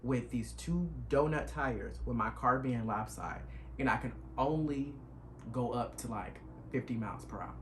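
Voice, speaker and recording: Young male vlogger, mid-pitched, animated emotional storyteller, faint noise behind. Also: a little slow. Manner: animated, emotional retelling with dialect. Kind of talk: casual storytime.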